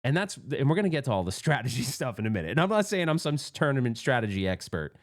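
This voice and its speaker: Excitable man telling a pinball story. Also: mid-range voice, fast talker. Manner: excitable, rambling, restarts often, rising to agitated outbursts. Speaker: pinball vlogger. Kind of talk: casual storytelling monologue.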